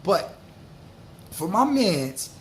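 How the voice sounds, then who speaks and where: A man, telling a story to camera in a loose, slang-filled, animated way. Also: high voice, very slow, slight background noise. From New York. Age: 40s. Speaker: vlogger.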